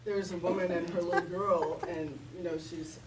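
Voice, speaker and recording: A woman's voice: fairly low pitch, steady tone, moderate pace, over a noisy crowd. An older woman doing stand-up comedy, telling self-deprecating stories and laughing at her own punchlines. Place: comedy venue with live audience. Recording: roomy, distant mic, noisy audience.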